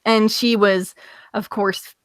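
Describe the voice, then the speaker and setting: A woman's voice: medium pitch, takes it slowly, dry recording. Chatty woman retelling a story. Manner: animated retelling with filler words and acted quotes. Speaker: podcast co-host. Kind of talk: casual comic-book review chat. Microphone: online call.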